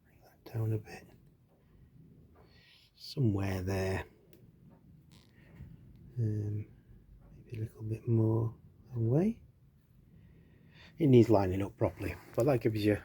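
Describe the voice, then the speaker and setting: A man's voice: lowish voice, animated, slow, long pauses, mellow, slight background noise. A man chatting casually while he works on a guitar build in his workshop, thinking aloud and poking fun at himself.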